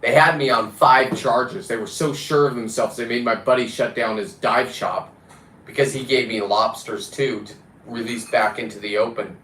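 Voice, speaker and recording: A man's voice: mid-range voice, moderate pace, bright, forceful tone. A man chatting casually to camera about diving, rambling and blunt, with the odd swear word. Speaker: free diver and vlogger. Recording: roomy echo with faint background noise.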